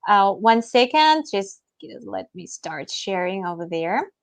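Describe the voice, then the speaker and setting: A woman hosting a live webinar over a video call, bubbly and quick to laugh. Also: medium pitch, very animated. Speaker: webinar host.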